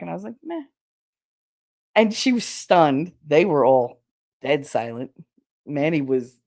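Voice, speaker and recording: A woman hosting a podcast and chatting casually. She tells stories in a low voice, swears freely and slips into the voices of people she quotes. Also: gravelly. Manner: candid and profane, acts out quoted lines. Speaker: podcast host. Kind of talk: casual storytelling chat.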